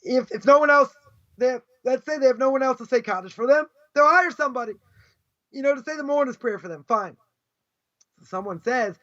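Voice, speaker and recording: A male rabbi lecturing with a very high voice, firing off emphatic, scornful rhetorical questions. The audio is dull and lo-fi, with the top end muffled. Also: fairly quick, fairly bright tone. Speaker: rabbi teaching a class. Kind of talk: live Torah lecture.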